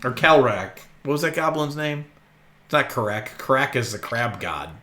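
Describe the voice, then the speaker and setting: A man's voice: mid-range voice, lively intonation, moderate pace, noisy background. A man narrating as game master in a tabletop game, in a loose, chatty way with frequent ums and self-corrections.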